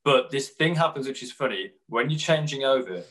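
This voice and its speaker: Brief: male podcast co-host, lively storyteller, drops into quick impressions. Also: medium pitch, poor audio. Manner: animated storyteller, mimics people in quick put-on quotes. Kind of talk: casual chat.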